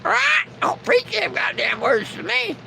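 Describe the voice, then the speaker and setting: A man voicing a foul-mouthed squawking pet bird that shouts cussing taunts in a spoken joke. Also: extremely high pitch, huge pitch swings, unhurried, vocal fry, a little hiss or hum, voice pushed up, heavily acted.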